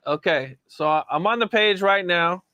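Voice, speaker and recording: A man interviewing a guest, asking steady prompting questions and reading out documents. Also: high-pitched, normal speed, no echo.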